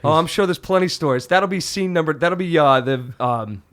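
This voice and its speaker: Middle-aged man, lively profane raconteur, slightly high voice. Acts out the people in his stories. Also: brisk. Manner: animated storyteller who acts out other people's voices. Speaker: guest, musician father of a host. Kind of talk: casual storytelling chat.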